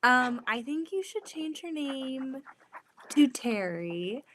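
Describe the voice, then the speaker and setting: A woman with a fairly high, animated voice hosts a live sewing chat from her sewing room. She giggles often and jumps in eagerly, with plenty of likes and ums. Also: takes it slowly, a little hiss or hum. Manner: giggly, eager, lots of fillers. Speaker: host of a live sewing stream. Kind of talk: casual chat.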